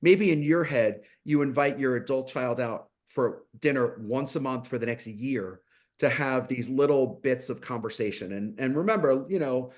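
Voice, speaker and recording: A man speaking as a mental health guest in a webinar discussion, animated and full of rhetorical questions. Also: mid-range voice, normal speed.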